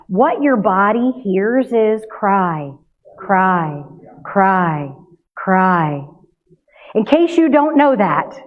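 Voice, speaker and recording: An older woman giving a sermon, telling a family story in a conversational, lively way. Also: on the high side. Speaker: minister. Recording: tinny phone-like sound.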